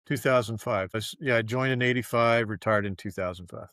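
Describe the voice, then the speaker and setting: A man in his sixties, a former military pilot, speaking as a guest in a casual interview in a measured, relaxed way. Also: on the low side, no echo, studio quality.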